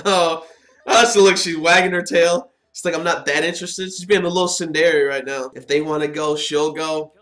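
A man watches an anime and gives casual, excitable reaction commentary, chatting and laughing throughout. His voice is a little high.

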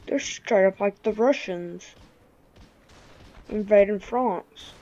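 A woman giving casual gameplay commentary, grumbling and reacting excitably to the game. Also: mid-range voice, slow. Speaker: gamer. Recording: dull lo-fi recording.

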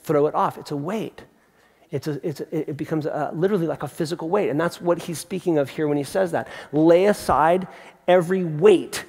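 A middle-aged man preaching a sermon as pastor, conversational and animated, with emphatic repeats. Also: on the high side, fairly quick, gravelly, husky. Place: large theatre. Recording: long hall reverb from a theatre.

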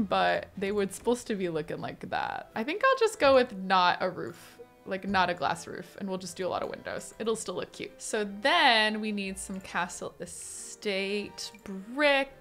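A woman's voice: medium pitch, fairly bright tone. A woman hosting a video, giving casual, chatty commentary on a life-sim game with playful asides and frequent giggles. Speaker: gaming video host.

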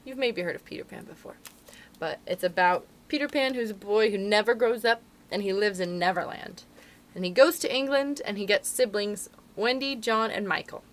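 A librarian reading a storybook aloud to children in a friendly, expressive way. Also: female voice, medium pitch, moderate pace.

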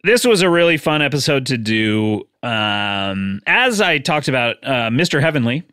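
A man's voice: medium pitch, big pitch swings, moderate pace, pushed and bright, clear, resonant tone, no room sound, studio quality. A man hosting a comedy podcast, talking in a chatty way with lots of fillers and frequent laughs. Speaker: podcast host. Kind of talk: casual chat.

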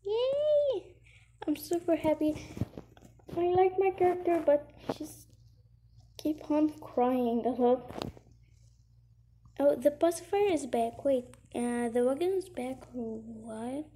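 A woman giving giggly, excitable casual gameplay commentary, often muttering softly to herself as she searches. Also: high voice, slow, pauses often, slight background noise, low-quality recording. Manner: excitable, gushing. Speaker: gaming channel host.

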